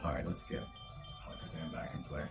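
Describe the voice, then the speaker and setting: A man co-hosting a let's-play, thinking aloud in a relaxed way. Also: fast talker, faint music behind. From Canada. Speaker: co-host, gamer. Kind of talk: casual let's-play commentary.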